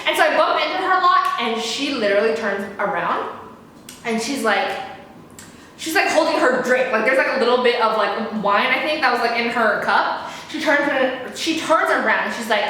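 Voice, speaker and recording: A young adult woman telling a story in a casual, fast, frantic rant, repeating herself and swearing. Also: high-pitched, animated, bright, forceful tone, a little hiss or hum. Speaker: vlogger. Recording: very echoey room.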